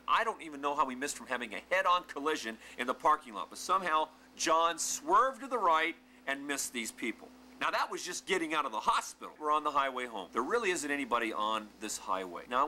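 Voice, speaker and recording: Animated man telling a story, very bright voice. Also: mid-range voice, slight background noise. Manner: animated, acts out quotes and shouts. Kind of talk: personal anecdote told aloud.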